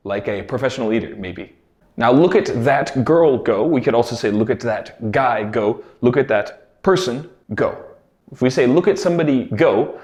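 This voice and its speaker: A man teaching everyday English phrases, explaining clearly and slowing down to model each one. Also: medium pitch, a little mellow. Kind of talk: English pronunciation lesson. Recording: roomy echo.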